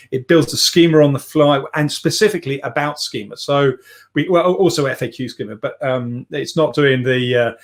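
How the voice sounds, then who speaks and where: A middle-aged man talking as a podcast guest over a remote call, rambling and self-deprecating with lots of restarts. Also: medium pitch. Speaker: podcast guest, software CEO. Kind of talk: casual podcast chat.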